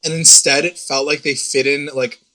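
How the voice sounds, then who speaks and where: A man's voice: fairly high pitch, little pitch movement, moderate pace, bright, forceful tone, low-quality recording. A man co-hosting a podcast, recapping an episode in rambling casual chat and swearing freely. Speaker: podcast co-host.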